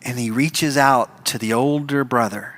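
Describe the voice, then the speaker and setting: A man preaching a sermon as pastor, telling the story in an animated way and acting out the characters. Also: mid-range voice, measured pace. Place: church.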